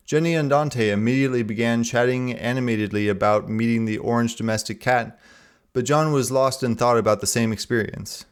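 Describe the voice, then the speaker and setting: A man reading a novel aloud in a steady, even narration. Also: medium pitch, brisk, clear, resonant tone.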